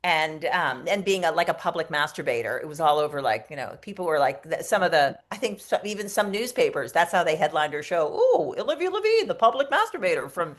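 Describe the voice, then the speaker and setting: A middle-aged woman from the United States, telling animated, profane stories in a casual interview, with lots of restarts. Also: sits low, brisk, few pauses. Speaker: interview guest, comedic performer.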